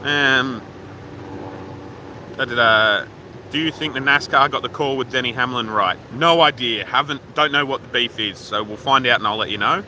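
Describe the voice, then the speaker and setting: An Australian livestream host streams on his phone outdoors at a waterfall park, casually rambling, swearing freely, and reading out viewer comments. His mid-range voice is pushed and bright at a moderate pace, in a low-quality recording with slight background noise.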